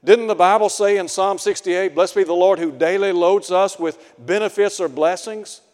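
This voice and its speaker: A man's voice: high voice, moderate pace, darkish tone. A man preaching a sermon in an earnest way, asking his listeners rhetorical questions. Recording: long hall reverb.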